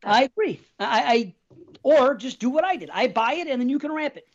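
A man's voice: extremely high pitch, animated, fairly quick, dull audio. A man co-hosting a podcast, rambling in casual, heavily profane chat. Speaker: podcast co-host.

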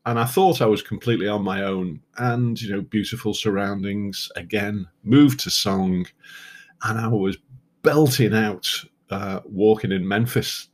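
Narrating his walk along the Camino for his podcast, a man from Britain with a British English accent and a lowish voice speaks a little slowly. His tone is chatty and self-mocking, and he frequently starts sentences over.

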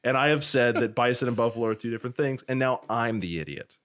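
A man's voice: mid-range voice, animated, fast, a bit bright. A man co-hosting a podcast, telling stories in a rambling, casual way and swearing freely. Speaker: podcast co-host.

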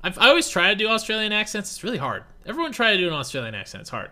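A young man co-hosting a podcast, chatting casually in an animated, joking way. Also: high voice, racing. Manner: animated, jokey, laughs along. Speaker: podcast co-host and streamer.

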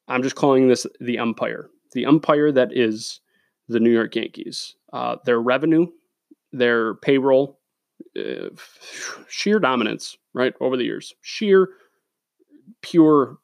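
Man, podcast host, creaky voice, dry close mic, opinionated and profane. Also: mid-range voice, dry recording. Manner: blunt, profane, opinionated, with many fillers. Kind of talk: solo sports podcast rant. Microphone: studio microphone.

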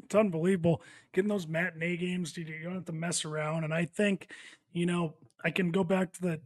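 A man's voice: fairly high pitch, steady tone, brisk, dry recording, clean studio sound. A man co-hosting a casual podcast chat, blunt and profane. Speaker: podcast co-host.

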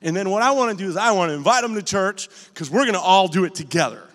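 A man pastor preaching a lively sermon in a church auditorium, telling stories with emphasis and rising to shouts. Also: sits high, fast, in a large hall. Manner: emphatic, storytelling, rises to shouts.

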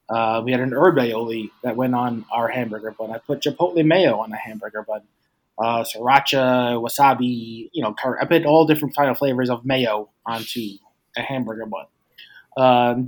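A man talking through a casual food debate, rambling and restarting his sentences often. His voice sits at a middling pitch. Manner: rambling, many fillers and restarts. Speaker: debater defending hot dogs.

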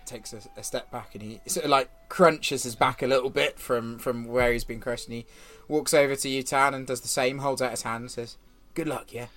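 A man's voice: medium pitch, brisk, few pauses, soft background music. Man running a tabletop game, chuckling. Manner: chuckling, relaxed storytelling with many fillers. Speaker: game master.

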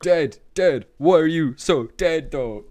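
A man voicing a melodramatic male slam poet who declaims in halting bursts. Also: a little high, expressive, darkish tone, voice pushed up.

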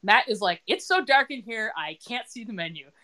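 With a fairly high, expressive voice that sounds pushed and bright, a middle-aged podcast host talks a little fast. She chats casually while recapping a TV episode, retelling scenes and quoting the characters.

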